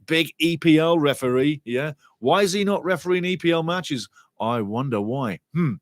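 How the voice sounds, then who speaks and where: A man hosting a live football watchalong, giving rambling, chatty match commentary and shouting out to viewers in the chat. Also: a little high, normal speed, no echo. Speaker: watchalong host.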